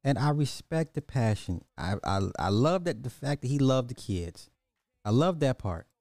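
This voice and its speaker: A man's voice: mid-range voice, normal speed, no room sound, clean studio sound. A man hosting a reaction video, talking casually with jokes and bursts of laughter. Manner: animated, joking, breaks into laughter.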